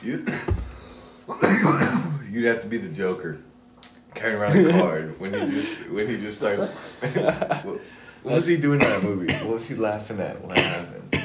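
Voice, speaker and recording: A man's voice: lowish voice, sing-song, normal speed, over a noisy crowd. A young man guesting on a casual podcast, joking and easygoing in his banter. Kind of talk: casual chat. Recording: echoey room with faint noise.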